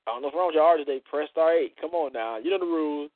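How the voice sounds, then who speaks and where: A man's voice: on the high side, very fast, no echo. A man hosting a call-in radio show, joking, bawdy and laughing often. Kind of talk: call-in internet radio chat. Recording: phone-line audio with faint hiss.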